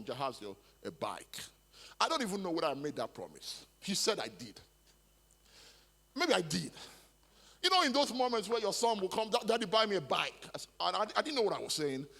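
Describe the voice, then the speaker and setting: A man's voice: sits high, sing-song, fairly quick, a bit bright. A man preaching a sermon as pastor, with emphatic repetition and stammered restarts. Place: large church hall. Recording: long church hall reverb.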